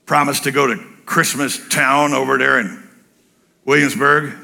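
A male pastor preaching a sermon in church, blunt and joking, an animated storyteller who acts out other people's voices. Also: mid-range voice, measured pace, creaky.

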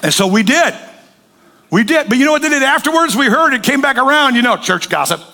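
A man's voice: extremely high pitch, a little fast, creaky. A man preaching a sermon, telling stories with jokes and acted voices. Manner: joking, animated storytelling with acted voices. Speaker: pastor.

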